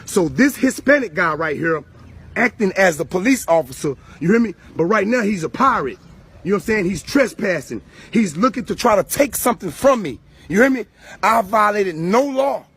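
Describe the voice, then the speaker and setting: A man argues insistently, driving each point home with repeated tag questions. His voice is high for a man and noticeably husky. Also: expressive, normal speed, a bit bright. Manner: emphatic, repeats "you hear me". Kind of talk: confrontational monologue to camera.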